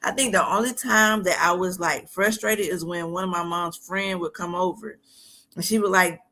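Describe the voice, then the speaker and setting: A woman's voice: fairly low pitch, steady tone, moderate pace, bright, forceful tone. A young woman telling her own story of surviving a shooting in a blunt, matter-of-fact way. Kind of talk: candid personal story.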